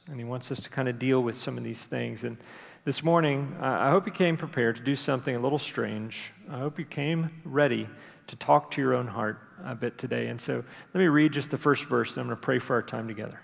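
A male pastor with a gravelly, creaky edge to his mid-pitched voice, preaching in a relaxed, conversational way. He pauses and restarts often, as if talking things through with the congregation. His voice carries the long reverb of a large church sanctuary. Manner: conversational, unhurried, with frequent fillers and restarts. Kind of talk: sermon.

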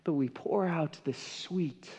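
A man preaching a sermon as pastor, swinging between impassioned emphasis and hushed, softened passages. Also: on the high side, takes it slowly, vocal fry, breathy edge. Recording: dull sound with long hall reverb.

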